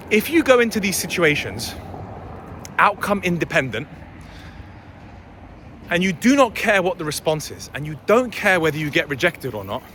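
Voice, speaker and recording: Brief: blunt young male vlogger, lively swooping delivery, slightly high voice, faint street traffic behind. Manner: blunt, opinionated, swears. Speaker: dating and life coach. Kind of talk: casual vlog monologue.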